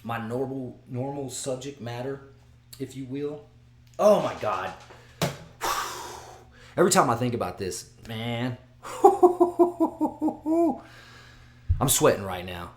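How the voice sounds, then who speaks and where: Excitable rambling man, low voice. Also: a little hiss or hum. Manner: excitable and rambling, with frequent restarts and drops to a mutter. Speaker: vlog host giving fight picks. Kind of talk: casual solo video chat.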